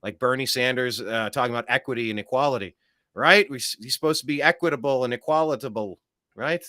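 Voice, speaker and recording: A man hosting a political talk show, talking in an animated, sarcastic, rambling way with many restarts. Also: medium pitch, quick pace, no echo, clean studio sound. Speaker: show host.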